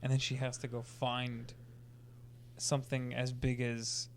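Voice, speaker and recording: A man in a casual podcast chat, working through plot holes one question at a time. His voice sits at an ordinary middle pitch, and his tone stays conversational. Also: completely flat delivery, unhurried, a little hiss or hum. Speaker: podcast co-host. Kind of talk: casual film discussion.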